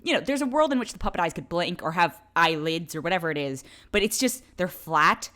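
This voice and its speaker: Exasperated woman with a lively voice. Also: lowish voice, fairly quick. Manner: exasperated, sarcastic, animated with laughs. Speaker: film reviewer. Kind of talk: casual opinionated review.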